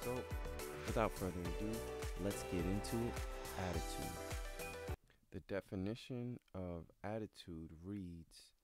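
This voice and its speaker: A man's voice: low-pitched, unhurried, no room sound, soft background music. A man hosting a motivational podcast, speaking earnestly and driving points home by repetition. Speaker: podcast host. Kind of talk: motivational talk.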